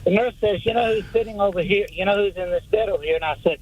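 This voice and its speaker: A man's voice: high voice, a little mellow, dull audio, a little hiss or hum. An older man from the Atlanta area calling into a radio show, telling an old story in a rambling way with many fillers. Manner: rambling anecdote with halting fillers. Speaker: caller. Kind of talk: phone-in storytelling.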